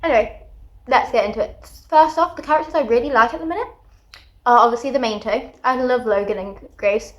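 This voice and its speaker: A woman giving a casual book review vlog, talking in an animated, exasperated rant. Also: on the high side, a little fast, muffled recording. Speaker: book vlogger.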